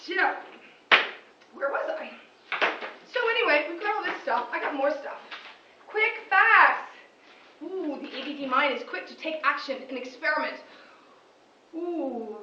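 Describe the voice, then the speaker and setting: A woman teacher talking in an excited, rambling vlog monologue, laughing often and jumping between thoughts. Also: sits high, a little slow, pauses often. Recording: echoey room, distant dull lo-fi mic, faint noise.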